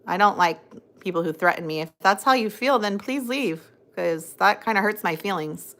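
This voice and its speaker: A woman's voice: mid-range voice, expressive, normal speed, fairly bright tone. A young adult woman hosting a casual phone livestream, rambling, reading out viewer comments and cooing at her dog. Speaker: livestream host.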